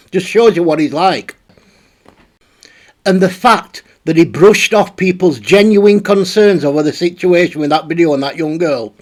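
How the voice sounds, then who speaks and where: A man hosting a casual, rambling commentary on online drama. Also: sits high. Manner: rambling, blunt, with frequent restarts. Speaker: commentary channel host.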